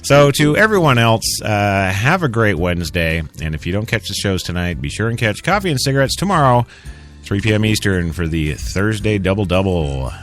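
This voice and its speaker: A man's voice: on the low side, very animated, normal speed, a bit bright, faint music behind. A man with an American accent hosting a talk radio show, sarcastic and mocking, laughing often. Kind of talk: casual talk radio commentary.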